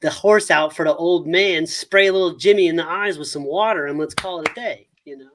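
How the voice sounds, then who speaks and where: A man co-hosting a podcast movie review, his voice sitting a bit high for a man. He talks casually and animatedly, swearing freely and breaking into laughter as he acts out scenes in quotes. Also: fairly quick, background noise. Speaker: podcast co-host.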